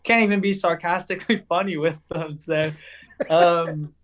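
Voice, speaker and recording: A young man from England whose accent now sits somewhere between English and Southern American. He tells his stories with loose, chatty energy, dropping "dude" and "like" all the time. His voice sits a little high for a man. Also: fairly even intonation, normal speed, a bit bright. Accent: mixed English and American Southern. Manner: chatty storyteller, says "dude" and "like" a lot. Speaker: motorcycle racer guest. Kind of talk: casual chat.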